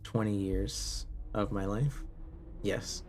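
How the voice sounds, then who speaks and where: Slow gravelly-voiced young man streamer. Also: on the low side, steady tone, a little mellow, soft background music. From Canada. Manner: chatty, answers chat, many fillers and restarts. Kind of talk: casual live-stream chat.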